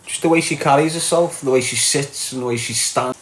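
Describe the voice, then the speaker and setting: A man's voice: a little high, steady tone, fairly quick, roomy sound. A man with a Scouse accent hosting a casual livestream, greeting commenters by name in local slang. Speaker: livestream host reading chat comments. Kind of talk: casual live chat.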